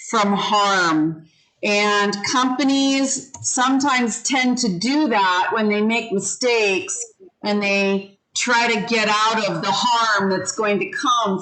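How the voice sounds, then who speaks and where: This ESL teacher's medium-pitched, fairly bright voice comes through poor audio with a bit of hiss or hum. She takes her class through an English vocabulary lesson at a slow, patient pace, explaining meanings and having students echo each word.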